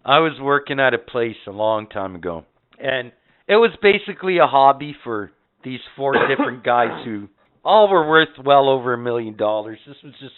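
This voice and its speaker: A man's voice: mid-range voice, smooth. A man telling rambling, profane stories as a podcast co-host in casual chat. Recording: tinny phone-like audio.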